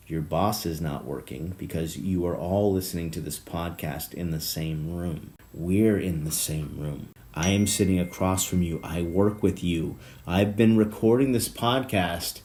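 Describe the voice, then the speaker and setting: A man hosting a podcast in a rambling comedic monologue, jumping between tangents, swearing freely and breaking into laughter. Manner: swings from low mumbles to loud laughing bursts, profane and tangent-prone. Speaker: podcast host.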